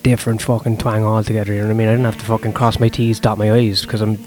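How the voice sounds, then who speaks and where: A man's voice: lowish voice, level tone, racing, a little mellow, soft background music. Profane, rambling comedian man. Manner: profane, self-deprecating, rambling. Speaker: stand-up comedian. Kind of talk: casual vlog monologue.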